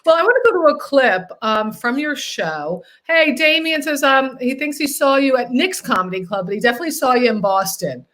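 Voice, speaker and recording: A woman hosting an interview, chatty and animated, telling stories with frequent fillers. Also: high-pitched, a little fast, few pauses. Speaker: host. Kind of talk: casual interview chat.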